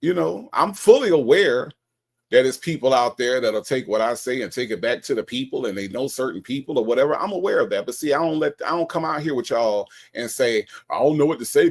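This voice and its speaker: A man's voice: mid-range voice, darkish tone. A man giving blunt, scolding commentary in a casual, mocking way. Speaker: commentator reacting to a call recording.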